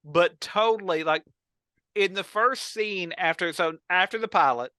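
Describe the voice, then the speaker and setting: In a clean recording with no room sound, a bright, high-voiced man co-hosts a podcast about old movies and television. His pace is measured as he tells lively stories and performs the quotes.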